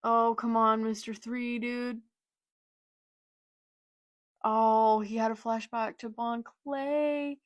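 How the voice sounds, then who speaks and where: A woman reading a manga live and reacting, excitable and gushing, with gasps and exclamations, reading character lines aloud plainly. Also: fairly high pitch, slow, long pauses, no room sound, clean studio sound. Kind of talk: live read-along reaction.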